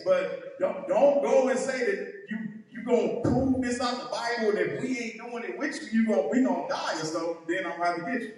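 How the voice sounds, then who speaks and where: A man's voice: high-pitched, expressive, a little fast. A man teaching a heated Bible lesson, emphatic and mocking, often tagging his points with "right?". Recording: echoey hall, mic far off.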